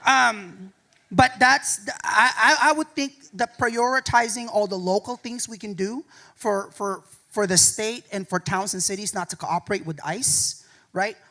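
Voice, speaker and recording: A man speaking at a university lecture hall, answering audience questions in a lively, joking way and often tagging his points with "right?". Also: high voice. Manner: animated, joking, keeps adding "right?". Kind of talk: public talk Q&A.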